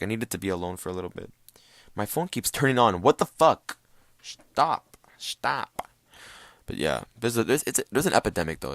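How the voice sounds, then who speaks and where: A young man hosting a podcast, ranting casually and profanely, with bursts of loud mock voices. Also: low-pitched, clean tone, no room sound, clean studio sound. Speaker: podcast host. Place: bedroom.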